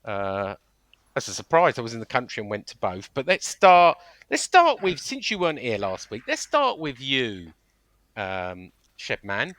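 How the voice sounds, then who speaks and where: A man's voice: mid-range voice, huge pitch swings, a little slow, fairly bright tone. A man co-hosting a casual football fan podcast, rambling with restarts and trailing off as he talks. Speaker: podcast co-host and news editor.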